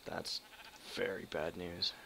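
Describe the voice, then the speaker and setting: Young male game streamer from Wisconsin, forceful bright tone, excitable, swears, chats with viewers. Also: low voice, slow pace, creaky, a little hiss or hum. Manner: excitable, swears a lot, talks to chat. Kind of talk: live gameplay commentary.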